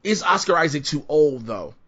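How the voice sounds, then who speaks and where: Male podcast host, slightly high voice, brash and joking, dull muffled audio. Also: moderate pace, slightly rough. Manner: brash, joking, animated storyteller. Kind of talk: casual chat.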